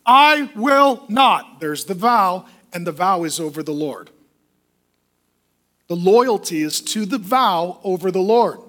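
High-voiced man preaching emphatically. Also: unhurried, fairly bright tone. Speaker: pastor. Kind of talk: sermon.

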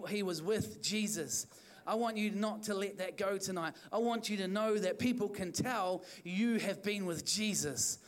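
Male NZ preacher, high-pitched, fervent and repetitive, church sermon. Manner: fervent, repetitive exhortation with restarts. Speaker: pastor.

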